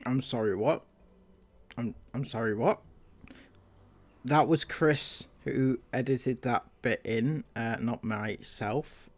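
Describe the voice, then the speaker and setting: A man's voice: mid-range voice, slow, long pauses. A man hosting a commentary channel, reacting in a sarcastic, incredulous way.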